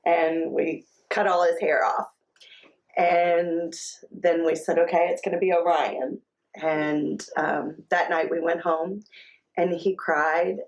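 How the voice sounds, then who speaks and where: A woman in her thirties, speaking in a documentary interview, tells her child's story as a mother, halting and personal with frequent pauses. Her voice is lowish and level in tone, and the audio sounds dull.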